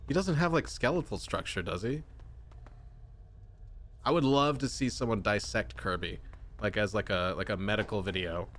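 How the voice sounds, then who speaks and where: A young man casually chatting on a gaming livestream, rambling, joking and answering chat. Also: a little hiss or hum. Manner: rambling, jokey, answers chat, bursts into high shouting. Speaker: streamer.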